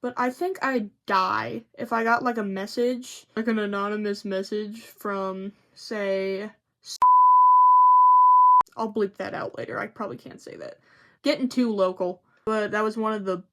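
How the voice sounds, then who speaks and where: A woman's voice: medium pitch, steady tone, a little slow. A young woman vlogging to camera in a casual, rambling chat, swearing freely and joking at her own expense. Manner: rambling, profane, self-mocking.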